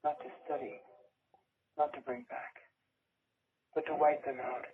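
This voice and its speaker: A woman's voice: low voice, big pitch swings, unhurried, gravelly, background noise, heavily acted. An actress playing a tough woman coldly questioning a man, in a clip played over a phone line. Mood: stern.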